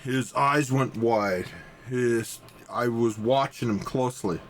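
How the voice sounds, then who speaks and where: A man's voice: medium pitch, takes it slowly, a little hiss or hum. A man, an artist, casually telling a story for his vlog in a rambling way. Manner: rambling, casual, with restarts and fillers.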